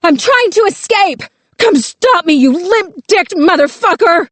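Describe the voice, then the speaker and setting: A woman's voice: on the low side, lively intonation, normal speed, dry recording. A woman reading a desperate, hostile captive woman who snarls and screams curses. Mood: screaming. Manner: snarling, barking, shouting profanity.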